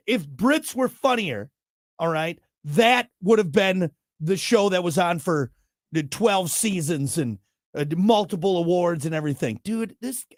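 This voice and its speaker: A man's voice: sits high, no room sound, clean studio sound. A man hosting a talk show, delivering a blunt, worked-up monologue with jokey asides. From United States. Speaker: show host.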